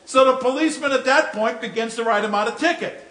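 A male preacher delivers a folksy sermon full of jokes and stories, often repeating words as he goes. He talks fast in a high, fairly bright voice, and the sound echoes around the room.

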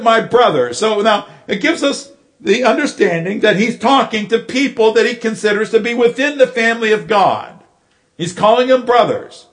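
A middle-aged man preaching a sermon as pastor, telling stories and repeating words as he builds his points. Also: sits high.

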